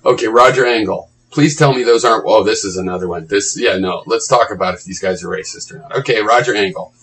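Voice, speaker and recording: A man's voice: fairly low pitch, quick pace, fairly bright tone, slight background noise, poor audio. A man reading blog comments aloud and mocking them in a sarcastic, profane running commentary.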